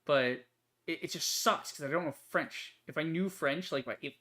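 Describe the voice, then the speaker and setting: A man's voice: fairly high pitch, normal speed, bright, forceful tone. Rambling man doing casual game commentary. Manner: rambling, full of fillers and self-corrections. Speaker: gaming channel host. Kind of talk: casual let's-play commentary.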